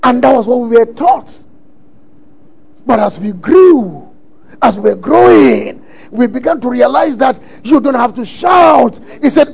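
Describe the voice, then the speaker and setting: A man preaching a sermon, emphatic and often shouting lines as he acts out quotes. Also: very high-pitched, expressive, measured pace, gravelly, breathy edge.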